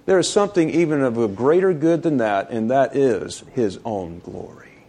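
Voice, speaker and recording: A male pastor preaching a sermon, building through emphatic rhetorical questions and slowing down to stretch key phrases. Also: mid-range voice, lively intonation, mellow.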